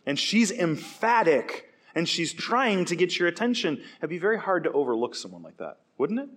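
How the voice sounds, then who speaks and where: A man in a young adult age range preaching a sermon with animated delivery, acting out quoted voices now and then. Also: a little high, moderate pace. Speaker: pastor.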